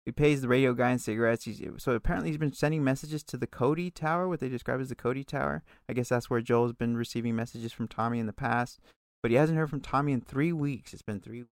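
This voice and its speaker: Gravelly guy recapping a show, swears a lot, loose chatty vibe, dry close mic. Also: medium pitch, dry recording. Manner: loose, profane, recaps with quick asides. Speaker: podcast co-host recapping a TV episode. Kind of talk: casual chat.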